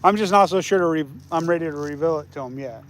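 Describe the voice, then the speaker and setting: A high-pitched man in his forties chats easily while he fishes outdoors, hosting a live stream for his viewers. He laughs a lot and cheers loudly when something bites. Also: quick pace, a little hiss or hum. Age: 40s. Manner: laughs often, gets loud and excited when a fish bites. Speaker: fishing channel host. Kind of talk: casual live-stream chat while fishing. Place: outdoors by the water.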